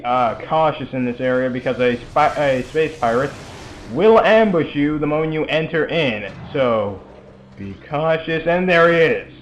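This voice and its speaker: A young man giving casual, rambling commentary over a video game, full of chatty asides and fillers. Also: mid-range voice. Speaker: let's play commentator.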